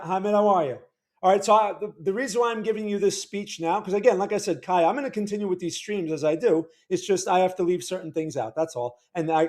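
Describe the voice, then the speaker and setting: A man hosting a livestream, chatting casually with viewers in a worn, weak voice, rambling and stammering over his words. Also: high-pitched. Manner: rambling, stammering, repeats words, greets chat viewers loudly. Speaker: livestream host.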